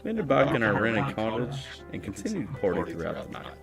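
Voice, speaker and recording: A man's voice: lowish voice, wildly swooping pitch, brisk, gravelly, exaggerated voice. A man voicing a hard-drinking Irish man near forty, telling a spooky tale in a boastful, rambling way with an Irish accent. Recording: roomy echo, distant mic, music behind.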